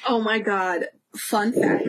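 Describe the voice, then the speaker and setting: A young woman telling a story in casual chat, animated, acting out quotes and laughing. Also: medium pitch, slow.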